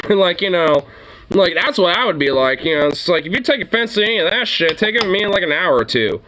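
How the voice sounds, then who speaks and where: Man, high and animated voice, profane rambling reaction streamer. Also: fairly quick, a little hiss or hum. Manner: profane, rambling rants with laughter. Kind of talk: casual reaction commentary.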